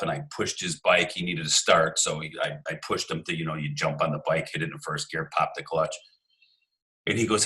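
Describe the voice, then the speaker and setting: A man's voice: sits low, pushed and bright, low-quality recording. A man guest in a casual interview who tells rambling stories, acts out other people's lines and often restarts his sentences. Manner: rambling storyteller who acts out quoted voices, with many restarts. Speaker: podcast guest.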